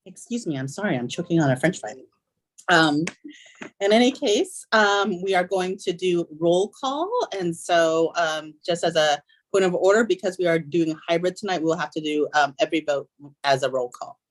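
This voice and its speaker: A woman chairing a public meeting as school board president reads through procedural items, saying "um" often. Her voice is lowish, at a moderate pace.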